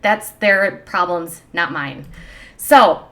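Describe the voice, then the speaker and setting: A woman's voice: on the low side, takes it slowly, a bit bright. Sarcastic woman streamer commenting. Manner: sarcastic, opinionated, rambling with fillers. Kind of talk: casual livestream commentary.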